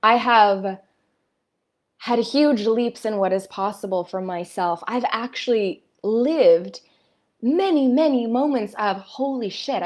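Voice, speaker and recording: Candid fiery woman with a gravelly voice. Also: fairly high pitch, darkish tone. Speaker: spiritual coach. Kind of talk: live-stream talk.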